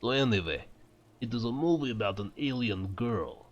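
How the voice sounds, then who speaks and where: A man's voice: medium pitch, lively intonation, moderate pace, muffled recording. A man hosting a let's play, chatting casually with friends, goofing around and trying villain impressions, often tagging "eh?" onto his lines. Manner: goofy, tries villain impressions, tag question "eh?". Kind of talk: casual gameplay chat with friends.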